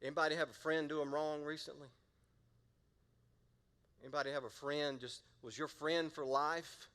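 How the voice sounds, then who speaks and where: A man's voice: medium pitch, fairly bright tone, long reverb tail. A middle-aged man, a pastor preaching a sermon in a playful, conversational way and drawing the congregation into call-and-response.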